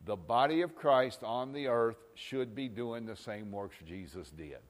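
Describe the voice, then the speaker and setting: A male pastor preaching a folksy sermon, swinging from loud exhortations to quiet asides. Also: mid-range voice, unhurried.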